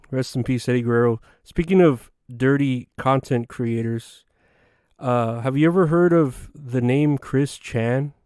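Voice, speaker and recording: A man's voice: medium pitch, moderate pace, mellow, clear, resonant tone, no echo, clean studio sound. A man hosting a solo comedy podcast, rambling through crude, offhand jokes. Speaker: podcast host.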